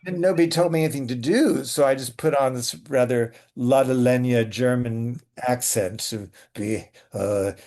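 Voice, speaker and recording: This man, a playwright-actor being interviewed, trades spirited theater anecdotes in an easygoing chat. His voice sits in the mid range, moving at normal speed with hardly any pauses.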